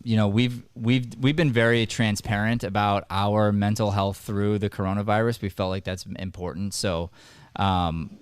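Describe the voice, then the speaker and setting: Male host, acting coach type; earnest, emphatic, low-pitched, dry mic. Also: clean tone, no room sound. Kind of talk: casual podcast discussion.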